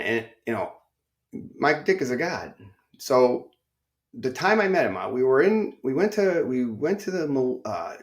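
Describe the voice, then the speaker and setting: A middle-aged man from northern Illinois hosting a podcast, telling a story in a chatty, excitable, rambling way. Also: medium pitch. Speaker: podcast host. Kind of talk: casual storytelling.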